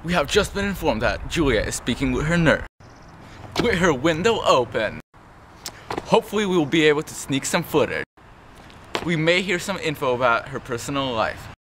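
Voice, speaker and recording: A man's voice: on the high side, lively intonation, normal speed, natural voice. A teenage boy playing a sneaky news agent who plans to spy with a camera. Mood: conspiratorial. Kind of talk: parody news report. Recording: noisy background.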